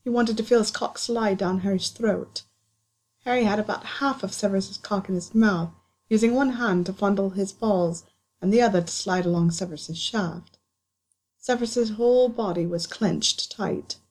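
Breathy woman narrating a story. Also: medium pitch, moderate pace, a little mellow. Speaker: audiobook reader. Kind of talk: scripted narration.

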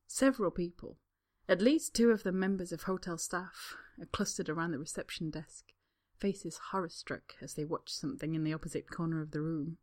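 A woman narrating a story in a calm, even reading voice. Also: fairly low pitch, moderate pace. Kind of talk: storybook reading of fan fiction.

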